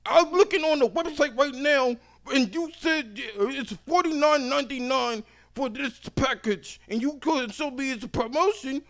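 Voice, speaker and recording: Man putting on a shrill furious customer. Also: normal speed, few pauses. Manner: shouting, high-pitched, accusing. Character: irate male customer on the phone, insulting.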